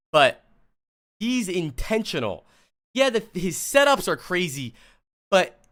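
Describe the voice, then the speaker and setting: A man's voice: fairly high pitch, sharp tone. A young man from the US East Coast reviewing gameplay on a live stream, talking to chat in a blunt, profane and casual way. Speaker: streamer and coach.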